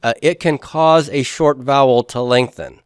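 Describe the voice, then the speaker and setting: A man's voice: medium pitch, a little slow, clear, resonant tone, no room sound, clean studio sound. A man teaching a Hebrew grammar class who explains each step patiently and puts questions to his students. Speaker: Hebrew instructor.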